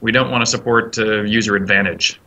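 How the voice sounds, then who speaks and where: A man's voice: fairly low pitch, steady tone, fairly quick, bright, forceful tone, lo-fi sound. A man, a game designer, answering interview questions and telling a long anecdote with many fillers and restarts. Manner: rambling, many fillers and restarts, acts out quotes.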